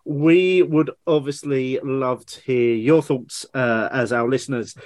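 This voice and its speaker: A man hosting a podcast, relaxed and casual, reading out plugs and calls to listeners with the odd swear word. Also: medium pitch, unhurried. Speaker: podcast host.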